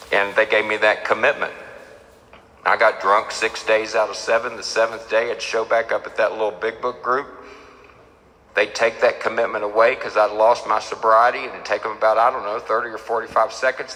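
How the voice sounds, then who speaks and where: A middle-aged man speaks at a recovery meeting. He tells his story with repetition and acts out the voices of the people in it. His voice is bright and forceful and rings with the long reverb of a hall. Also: medium pitch. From Texas. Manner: storytelling, repeats phrases, acts out quoted people. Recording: echoey hall.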